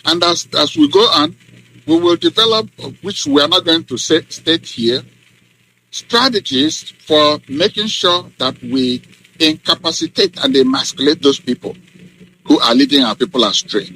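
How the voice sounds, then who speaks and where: A middle-aged man, a professor, answering in a radio interview in an emphatic, deliberate way with many ums. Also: fairly high pitch, animated, sharp tone, poor audio. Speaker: guest professor and activist.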